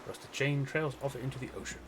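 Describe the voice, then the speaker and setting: A man's voice: medium pitch, fairly even intonation, a little fast, heavy background noise. A man streaming a game live, chatting casually and reading its text aloud. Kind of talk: casual live gameplay commentary.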